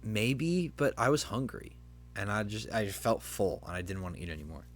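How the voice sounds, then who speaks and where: A young man with a fairly low voice hosts a casual podcast. He rambles through a story, leaning on fillers and restarts as he goes. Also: sing-song, moderate pace. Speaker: podcast host. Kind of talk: casual chat.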